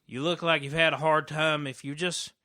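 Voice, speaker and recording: A man voicing a scraggly, wary middle-aged man from an alley, who talks nervously with quick restarts. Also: a little high, flat delivery, bright, forceful tone, no room sound, clean studio sound, pitched above the performer's own voice.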